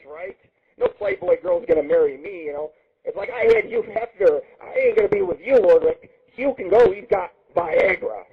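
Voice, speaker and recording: A man hosts his own internet radio show in a loud, profane, rambling monologue, his pitch sitting high and swinging wildly. His voice is deeply husky and raspy. The sound is narrow and muffled, like a phone line. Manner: loud, profane and manic, jumping between topics.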